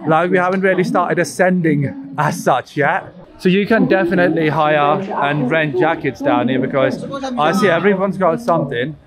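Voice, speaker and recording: A man's voice: fairly high pitch, moderate pace, over a noisy crowd. A man chatting enthusiastically as a travel vlogger outdoors at a mountain scenic area. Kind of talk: casual travel vlog.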